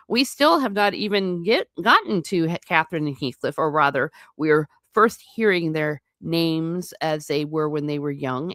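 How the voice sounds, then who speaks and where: A woman's voice: sits low, fairly bright tone, no room sound, studio quality. A woman hosting a live book reading, breaking in with chatty, wry asides. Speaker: book channel host.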